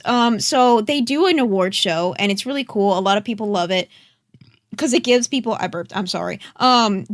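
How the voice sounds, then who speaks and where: A woman's voice: mid-range voice, a bit bright, dry recording. A woman hosts a casual live podcast, rambling through topics with plenty of fillers. She reads out and thanks viewers from the chat. Her voice sits in a middle register and sounds dry and close. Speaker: podcast host.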